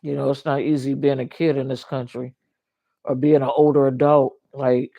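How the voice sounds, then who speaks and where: A man's voice: medium pitch, flat delivery, moderate pace, gravelly, dry recording, lo-fi sound. An older man talking earnestly on a casual livestream, rambling and circling back to the same points. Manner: rambling, earnest, repeats "you know what I mean". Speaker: livestream host.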